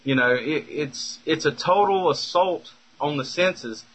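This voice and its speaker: A man's voice: on the high side, unhurried, a bit bright, slightly rough, poor audio. A man speaking in an unscripted monologue, rambling with lots of fillers and restarts. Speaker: speaker recounting a personal story.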